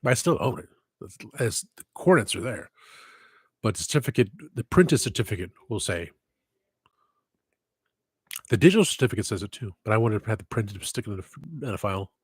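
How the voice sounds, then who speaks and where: Rambling husky man on a livestream. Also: lowish voice, big pitch swings, brisk, long pauses, dry recording. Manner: meandering, self-interrupting, wistful asides. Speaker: livestream host. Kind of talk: rambling casual livestream chat. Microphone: headset.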